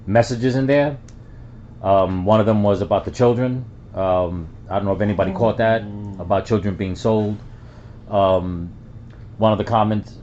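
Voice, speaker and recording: Rambling man from the Bronx, low voice. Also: a little mellow, a little hiss or hum. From the Bronx, New York. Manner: rambling, with many fillers and restarts. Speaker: reaction video host. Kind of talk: casual reaction commentary. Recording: dull lo-fi sound.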